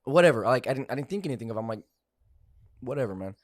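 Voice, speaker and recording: Fast-talking young man telling a story. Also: medium pitch, lively intonation, dry recording, clean studio sound. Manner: loose, profane, lots of fillers like "like" and "bro". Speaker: podcast guest, car salesman. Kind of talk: casual storytelling chat.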